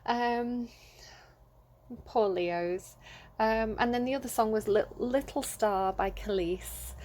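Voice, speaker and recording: A woman's voice: a little high, slow, darkish tone, slight background noise. A woman giving a casual tarot reading into her phone, talking in a chatty, rambling way with plenty of fillers. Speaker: tarot reader.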